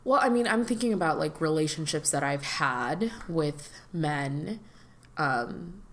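A woman's voice: low voice, animated, measured pace, fairly bright tone. A woman co-hosting a casual podcast conversation, talking with many fillers and breaking into laughter.

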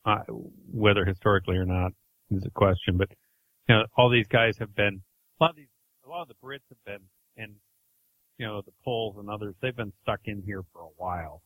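A man's voice: fairly low pitch, brisk, dry recording, phone-quality sound. A man co-hosting a movie podcast, thinking aloud in loose, casual talk. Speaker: podcast co-host. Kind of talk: casual chat.

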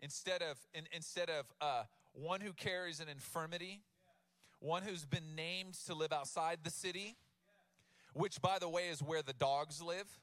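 A man in his thirties delivers a sermon with a casual, joking touch, turning scripture into lively everyday talk. His voice sits a little high and sounds bright and forward. The sound is close and dry. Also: moderate pace, no room sound. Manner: casual, humorous, animated storytelling with laughs. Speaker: pastor.

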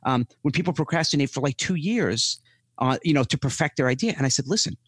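A man guest on a podcast, talking casually and telling animated stories, acting out other people in raised voices. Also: mid-range voice, fast, no echo. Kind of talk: casual interview chat.

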